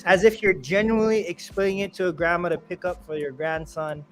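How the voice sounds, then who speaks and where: A man's voice: high-pitched, fairly even intonation, fairly quick, a bit bright. A man hosting a casual gaming podcast, talking energetically and laughing often. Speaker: podcast host.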